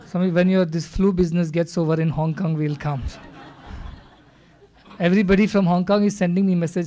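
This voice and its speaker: A man giving a live spiritual discourse in a hall, speaking in a measured way and explaining with stories and scripture verses. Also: high-pitched, steady tone, warm tone. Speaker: spiritual teacher. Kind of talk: satsang discourse.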